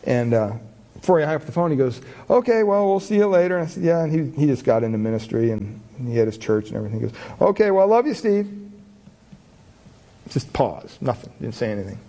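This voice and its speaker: A man's voice: on the high side, very animated, quick pace, mellow. A middle-aged man preaching a sermon, telling candid, self-deprecating stories about himself with many casual fillers. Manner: chatty, many fillers like "you know". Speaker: pastor.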